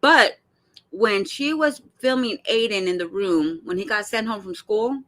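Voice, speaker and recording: Bright, animated woman venting to viewers. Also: mid-range voice, a little slow. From Arizona. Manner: animated, blunt, swears freely, talks straight to viewers. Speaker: commentary host. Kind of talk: casual reaction commentary.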